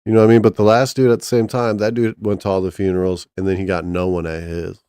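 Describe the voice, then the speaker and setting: A man's voice: low voice, flat delivery, fast talker, dark tone, clear, resonant tone, dry recording, studio quality. A man casually chatting on a stream, rambling and joking crudely with lots of restarts. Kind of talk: casual profane chat with chat and co-host.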